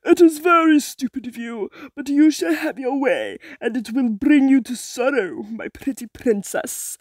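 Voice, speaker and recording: A woman's voice: high-pitched, big pitch swings, measured pace, no room sound, pitched above the performer's own voice, full character voice. A woman voicing a cruel, cackling old sea witch in a storybook reading, gloating and menacing.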